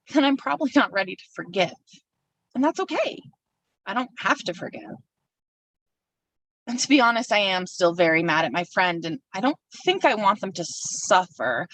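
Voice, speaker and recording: A woman's voice: a little high, a bit bright, distant mic, poor audio. A woman delivering a sermon from a pulpit, reflective and personal, speaking her feelings aloud as she works through them. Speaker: minister.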